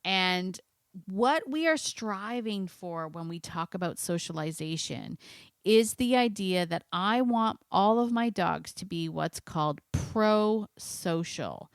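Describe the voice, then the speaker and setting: A woman hosting a dog-training show, talking with animated, coaxing enthusiasm and acting out little imagined dialogues. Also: lowish voice, clean tone, no echo. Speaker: dog trainer podcast host. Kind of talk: enthusiastic solo talk.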